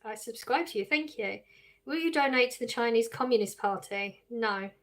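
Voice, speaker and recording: A woman's voice: on the high side, normal speed. An English woman live streaming, reading viewers' questions aloud and answering them casually with frequent laughs. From England. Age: adult with children.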